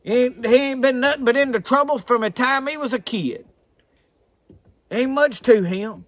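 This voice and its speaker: A man with a thick Southern drawl preaches in a folksy, earnest way, leaning hard into his points. His voice sits high and bright, with a sharp edge to it. It is recorded close and dry, with no room sound. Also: moderate pace, no echo. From American South. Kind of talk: sermon.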